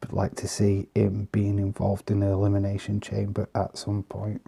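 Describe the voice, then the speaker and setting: A man casually commenting on trading cards in an easygoing, chatty way, pausing often with fillers. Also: on the low side, monotone, gravelly, dark tone, husky. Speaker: vlogger showing trading cards.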